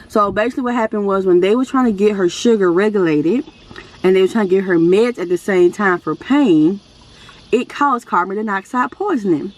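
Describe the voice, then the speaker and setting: A woman vlogger giving a casual update to her viewers. She rambles earnestly with restarts, calls them y'all, and speaks with religious conviction. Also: medium pitch.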